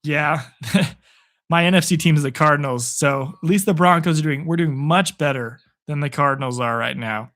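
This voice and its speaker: A young man from Arizona, hoarse after a long day, casually calling football play by play on a live stream and chatting with viewers, rising with excitement on big plays. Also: on the high side, moderate pace. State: hoarse, voice worn out.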